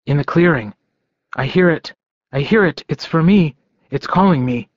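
A man narrating an audiobook in first person, with a slow, rhythmic, repetitive delivery. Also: on the high side, expressive, dry recording, highs cut off.

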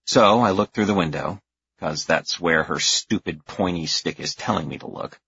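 A man's voice: deep voice, moderate pace, vocal fry, fairly bright tone, breathy edge, no room sound. A man narrating a first-person audiobook with a wry, exasperated manner. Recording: dull, dry lo-fi recording.

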